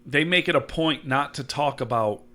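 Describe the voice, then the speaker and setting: A man's voice: on the high side, moderate pace, bright, forceful tone. A man co-hosting a sports podcast, talking in an easygoing, agreeable way with plenty of filler words. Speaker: podcast co-host. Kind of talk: casual sports chat.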